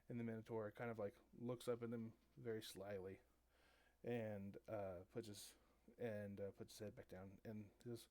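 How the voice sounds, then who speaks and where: A man narrating a tabletop game as game master, halting and full of fillers. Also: on the low side, little pitch movement, a little mellow. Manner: halting, many fillers and restarts.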